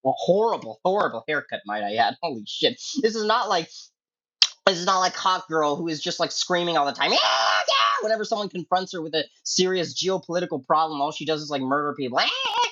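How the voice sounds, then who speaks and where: A man delivering a comedic angry rant as an online commentator, profane and explosive, swinging between low mutters and sudden yelling. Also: lively intonation, quick pace, dull audio.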